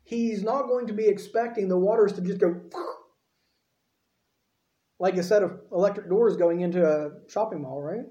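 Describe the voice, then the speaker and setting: A man's voice: sits high, moderate pace, pauses often, warm tone, reverberant. Guy preaching a sermon, chatty folksy asides, kinda muffled lo-fi recording.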